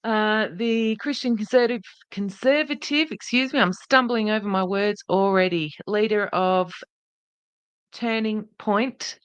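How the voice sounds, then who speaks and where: A woman's voice: medium pitch, unhurried, smooth, dry recording. A woman hosting a podcast livestream in a casual, chatty way, greeting viewers by name and speaking earnestly and indignantly. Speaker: podcast host.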